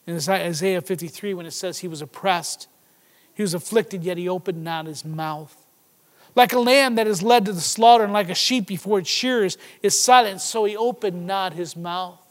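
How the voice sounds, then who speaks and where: A man preaching a sermon, with swings between loud, emphatic passages and hushed, low stretches, and some restarts.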